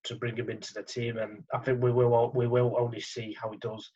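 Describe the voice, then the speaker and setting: A man's voice: medium pitch, flat delivery, dark tone, slightly rough. A man co-hosting a casual podcast and reading out the week's news, often stumbling and restarting his sentences. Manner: halting, stumbles over words. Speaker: podcast co-host presenting news. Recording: dull lo-fi audio.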